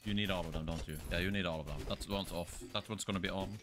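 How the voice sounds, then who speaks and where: A man commentating his own gameplay on a live stream, excitable, swearing often and yelping when startled. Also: low voice, quick pace. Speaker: streamer playing a video game. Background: game music.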